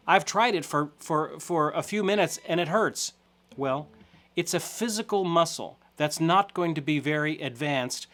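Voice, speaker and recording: A man's voice: a little high, a bit bright. A middle-aged man teaching a guitar lesson step by step, encouraging and counting along, often checking in with "okay?".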